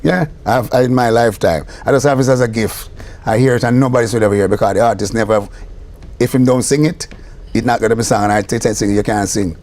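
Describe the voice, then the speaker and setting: An older man with a Jamaican accent, a record producer telling studio stories in a lively way, slipping between patois and English. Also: medium pitch, quick pace. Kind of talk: storytelling interview talk.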